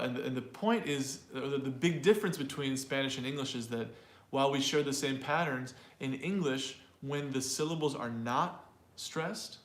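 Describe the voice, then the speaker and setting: Male teacher running a live pronunciation class, chatty explainer, medium pitch, recorded with room echo. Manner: explanatory, repeats and restarts words.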